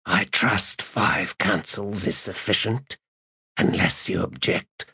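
A man voicing a cold, controlled stranger who threatens an assassin in an audiobook, in a raspy near-whisper. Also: deep voice, slow, sharp tone, no room sound, studio quality, heavily acted. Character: menacing mysterious male stalker, cold and controlled. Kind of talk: audiobook narration.

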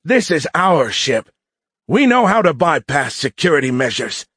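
A man voicing an arrogant young male cadet leading a mutiny, sneering and shouting his lines in an audiobook. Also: a little high, sing-song, breathy edge, no echo, clean studio sound, voice pushed up, exaggerated voice. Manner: shouting, sneering, drawn-out words.

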